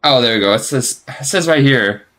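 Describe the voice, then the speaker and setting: A man live streaming his study session, thinking aloud in a rambling way, correcting himself and slowly sounding out phrases. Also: mid-range voice, animated, a bit bright.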